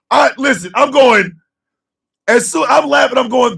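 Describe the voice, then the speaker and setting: A man chatting loosely with his livestream chat, telling a story loudly and profanely and often breaking into laughter. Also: extremely high pitch, expressive, unhurried, vocal fry, distant mic.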